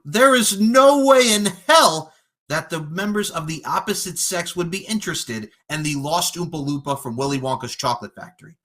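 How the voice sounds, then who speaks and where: A man cutting a fantasy wrestling promo as a podcast guest, cocky and taunting, swinging between low menace and loud boasts.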